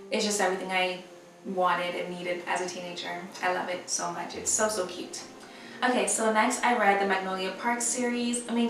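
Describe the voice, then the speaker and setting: A woman book vlogger with a lowish voice chats casually about her reading, rambling with fillers and correcting herself mid-thought. She sits far from the mic, and the recording has a roomy echo with faint music.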